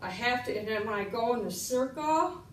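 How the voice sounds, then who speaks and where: A middle-aged woman demonstrating an exercise, talking slowly, slightly out of breath as she moves. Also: fairly high pitch, animated, far from the mic, slight background noise. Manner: slow, instructive, counting out moves. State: getting winded. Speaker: fitness instructor. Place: room while exercising. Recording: echoey room, away from the mic.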